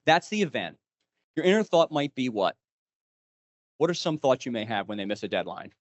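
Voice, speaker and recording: A man runs a live leadership workshop, firing questions at his group. His pitch swoops widely and expressively as he talks. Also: moderate pace. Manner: animated, quizzing the group. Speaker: leadership trainer.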